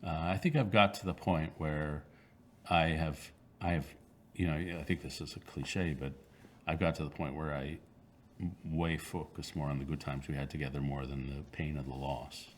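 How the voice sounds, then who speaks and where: A man in his sixties with an extremely low, rumbling voice speaks in an interview. He answers thoughtfully, pausing and restarting his sentences as he works through his ideas. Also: steady tone, slight background noise. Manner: thoughtful, halting, with frequent fillers and restarts. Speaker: author being interviewed.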